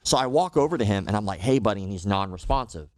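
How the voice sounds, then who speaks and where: A man who is a guest on a podcast, telling stories in an animated way and acting out the quotes. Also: lowish voice, fast, dry recording. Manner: animated storyteller, acts out quotes. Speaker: podcast guest, martial arts instructor. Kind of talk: casual podcast chat.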